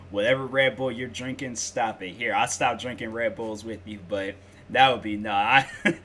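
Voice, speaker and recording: A man's voice: mid-range voice, fairly even intonation, normal speed, sharp tone. Slangy young man rambling on a reaction. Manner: slangy, rambling storytelling with fillers. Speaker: reaction video host. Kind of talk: casual reaction commentary.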